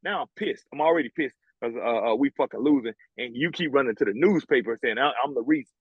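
Blunt profane ex-player, husky. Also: male voice, mid-range voice, fast, no room sound, narrow, tinny audio. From American South. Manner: blunt, profane, animated storytelling. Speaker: former college basketball player, guest. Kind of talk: casual storytelling interview.

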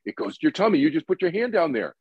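A man's voice: fairly high pitch, fast talker, slightly rough, no room sound, low-quality recording. A man talking as a guest meditation teacher in a podcast interview, acting out quotes and asking rhetorical questions. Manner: animated, acts out quotes, asks rhetorical questions.

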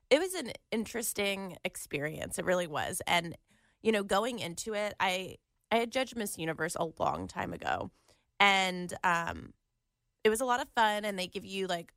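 A woman's voice: medium pitch, gravelly, fairly bright tone, no room sound, clean studio sound. A woman co-hosting a casual chat while sick with a sore throat and a cold, talking in a rambling way full of fillers. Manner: chatty, rambling, lots of "like" fillers. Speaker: podcast co-host.

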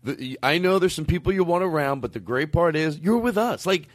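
A man's voice: on the high side, expressive, a little fast, no echo, studio quality. A man co-hosting a podcast in casual banter, joking and rambling, swearing often. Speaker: podcast co-host.

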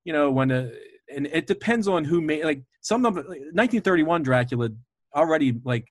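A man's voice: on the high side, animated, brisk, no echo. Male podcast host, eager, digressive, laughs often, dry sound. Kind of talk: casual chat.

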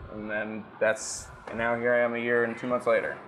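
A man's voice: mid-range voice, level tone, fast, a bit bright, a little hiss or hum. A man guest on a podcast, chatting in a loose, profane, storytelling way, recorded in a rum bar. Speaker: guest, rum brand representative. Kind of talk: casual storytelling interview.

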